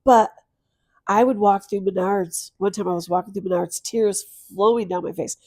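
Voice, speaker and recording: A middle-aged woman speaks as a podcast guest, recounting loss with tearful earnestness. Her tone is dark and mellow, dropping to near whispers and then rising to loud, emphatic bursts. The recording is close and dry. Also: mid-range voice, fairly even intonation, moderate pace, dry recording. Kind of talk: emotional personal storytelling.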